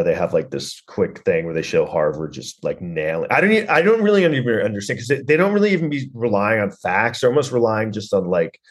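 Rambling, sarcastic podcast host, low voice. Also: male voice. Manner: rambling, filler-heavy, sarcastic, swears. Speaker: podcast host reviewing a film. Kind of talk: casual film recap.

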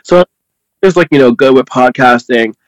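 A man chatting as a podcast guest in a relaxed, measured way. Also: mid-range voice, no echo, rough recording. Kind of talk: casual podcast chat.

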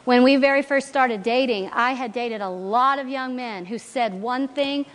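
Woman preacher, animated storyteller voicing characters, slightly high voice, reverberant church hall. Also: normal speed. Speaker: guest speaker at church. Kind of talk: sermon testimony storytelling. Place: church sanctuary.

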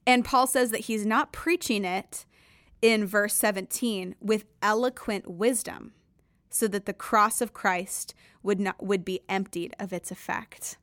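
A woman at a middle pitch leads a devotional podcast, reading scripture aloud and then unpacking it. She talks in an earnest, conversational way and leans hard on key words. Her voice sounds dry and close, with no room around it. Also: unhurried, a bit bright, no echo. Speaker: podcast host. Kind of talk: devotional Bible reading and teaching.

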